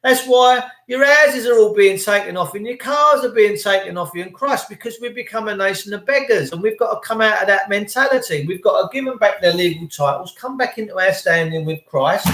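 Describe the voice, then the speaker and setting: Vlogger, high male voice, ranting and emphatic, echoey room. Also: a bit bright. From England. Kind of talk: casual monologue to camera.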